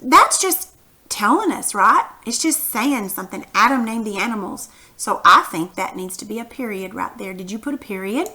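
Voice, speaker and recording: A woman with a bright, fairly high voice teaches punctuation to young children. She speaks patiently and encouragingly, asking them to read along and stretching out example sentences to show emphasis. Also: expressive, normal speed.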